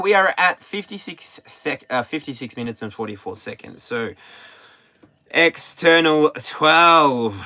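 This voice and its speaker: A man's voice: mid-range voice, sharp tone. An Australian man hosting a tarot livestream, chatting playfully and breaking into snatches of song. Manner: playful, sings snatches of songs between remarks. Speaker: tarot reader, livestream host. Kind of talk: casual livestream chat with singing.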